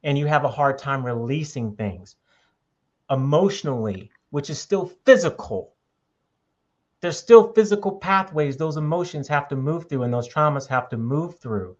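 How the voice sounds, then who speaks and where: A man's voice: on the high side, animated, normal speed, lo-fi sound. A man talking in a casual podcast conversation, making his points emphatically and checking in with "okay?". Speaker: podcast host.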